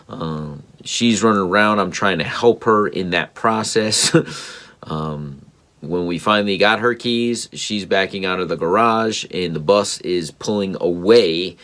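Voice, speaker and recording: A man's voice: sits low, a bit bright. A man in his thirties, a parenting podcast host, telling a personal story in an earnest, rambling way with many ums and restarts.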